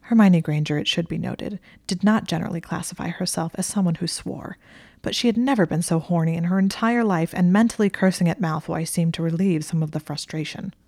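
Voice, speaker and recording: A woman narrating an audiobook reading of fan fiction in a wry, expressive way. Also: on the low side, a little fast, creaky, dry recording, studio quality.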